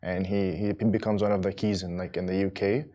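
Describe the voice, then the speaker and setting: A man's voice: low voice, little pitch movement, a little fast, mellow. A man co-hosting a casual studio chat, a bit nervous, with hesitant speech and frequent stammers and restarts. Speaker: co-host.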